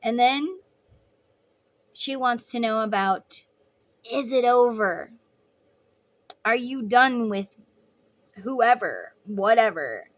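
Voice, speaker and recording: A woman reading tarot in a casual vlog, rambling and chatty and full of filler words. Her voice sits somewhat high for a woman. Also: lively intonation, slow pace, long pauses. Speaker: tarot reader.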